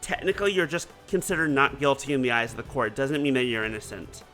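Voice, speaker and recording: A man playing through a game and commenting casually, excitable, chatty and fond of swearing. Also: mid-range voice, fast, soft background music. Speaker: let's play streamer.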